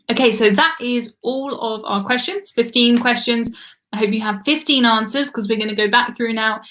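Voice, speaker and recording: A woman's voice: a little high, unhurried, long pauses, a bit bright. An English woman hosting a live trivia stream, chatting casually and laughing often as she reads viewer comments.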